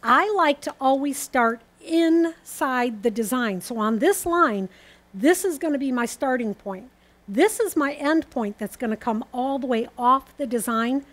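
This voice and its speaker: Woman, high pitched, methodical host walking viewers through a sewing demo. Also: a little slow. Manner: calm, methodical, explains each step as she works. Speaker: quilting teacher. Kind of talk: step-by-step sewing demonstration.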